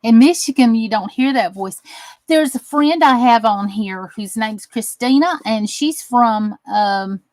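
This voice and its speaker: This time her voice is on the high side and unhurried. The Southern US woman chats casually with viewers on her craft channel as she works, warm and drawling with folksy phrases, on a rough recording with no echo.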